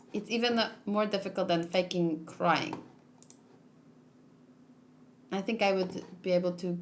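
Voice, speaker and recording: A woman's voice: medium pitch, fairly bright tone, a little hiss or hum. A woman reading manga aloud and chatting casually between the pages, often laughing at herself. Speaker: manga read-along host. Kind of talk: casual read-along commentary.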